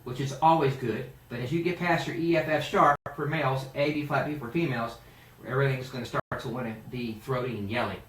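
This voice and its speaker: Animated male vocal coach in a roomy studio. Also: medium pitch, fast. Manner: animated, demonstrates exercises by singing. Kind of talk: singing lesson. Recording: roomy, mic at a distance, piano playing.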